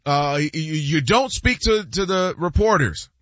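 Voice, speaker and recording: Animated high-voiced man debating sports. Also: unhurried, no room sound, muffled recording. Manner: emphatic, acts out quotes in shifting voices. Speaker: sports talk show host.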